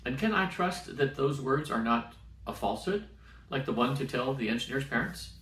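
A man's voice: mid-range voice, animated, normal speed, fairly bright tone, pitched above the performer's own voice, lightly acted. A man reading aloud and voicing a polite, literal-minded starship AI in a formal, precise and fretful manner. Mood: doubtful. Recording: roomy sound from a distant mic.

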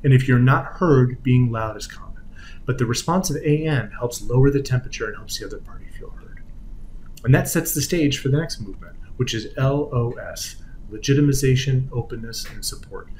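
A man giving a conference lecture on patient communication in an explanatory way, often trailing off softly at the ends of phrases and now and then acting out quoted voices. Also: mid-range voice, a little fast, slight background noise, rough recording. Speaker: physical therapy lecturer.

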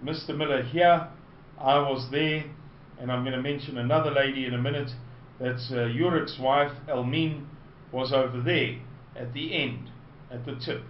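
A man with a South African accent telling a personal anecdote to listeners, slowly and with digressions. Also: medium pitch, steady tone, slight background noise. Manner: slow, digressive, unhurried storytelling. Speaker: storyteller. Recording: roomy, dull lo-fi recording.

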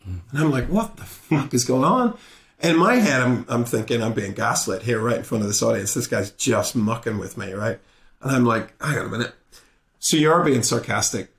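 A man tells a story in an interview, jumping into the voices of everyone involved. His pitch sits in an ordinary middle range. He talks casually and swears freely, and the room gives his voice a noticeable echo. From Belfast, Northern Ireland. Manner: animated retelling, acting out both sides of the exchange. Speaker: guest comedian. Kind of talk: conversational storytelling in a podcast interview.

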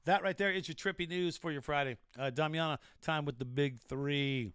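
A man's voice: a little high, normal speed, heavy background noise. A man hosting a casual show, joking and rambling through odd news stories with restarts. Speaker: show host.

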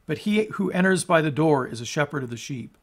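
Male pastor, slightly higher voice, earnest sermon delivery with swelling emphasis and quiet, low phrase endings. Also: expressive, fairly quick. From United States. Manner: earnest, rises in emphasis on quotes, drops low at phrase ends; restarts and stumbles on words. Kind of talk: sermon, scripture reading and commentary.

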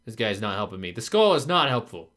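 A man's voice: lowish voice, sing-song, fast talker, a bit bright. A man narrating his own gameplay, frustrated and swearing as he talks to himself. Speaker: gaming video creator. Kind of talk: gameplay commentary.

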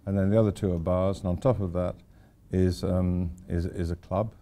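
A man's voice: low voice, fairly even intonation, normal speed, dark tone. An older man giving an informal architecture lecture to students, rambling with wry, self-deprecating asides. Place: lecture hall at a university.

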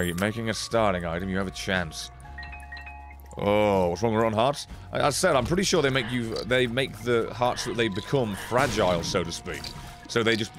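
Excitable, cursing game streamer, low voice. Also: male voice. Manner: excitable, swears often, reacts loudly and reads chat. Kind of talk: casual live-stream commentary.

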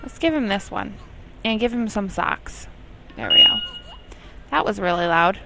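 Over a noisy background, a young woman gives casual let's play commentary on her life-sim game. Her mid-range voice is creaky and expressive at a normal speed as she chats to herself and scolds her characters in exasperated asides.

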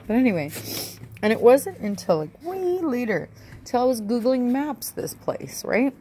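A woman's voice: fairly high pitch, big pitch swings, normal speed, dark tone, a little hiss or hum. A woman telling a rambling, emotional personal story in a casual home vlog, often adding "right?" and "like". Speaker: vlogger.

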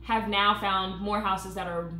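A woman's voice: medium pitch, fairly even intonation, unhurried, sharp tone, reverberant, slight background noise. Chatty young woman, slight country accent. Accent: Southern US country. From Virginia, USA. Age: 20s. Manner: chatty, laughs often, trails off mid-sentence. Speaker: co-host of a couple's channel. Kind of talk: casual live Q&A chat.

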